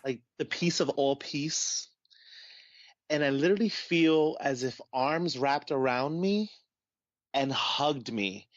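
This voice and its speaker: Speaking slowly in a slightly high voice, a male podcast guest tells a story from his life in a casual way. He's lively and acts out the voices of people he quotes; the dry, dull recording has no echo.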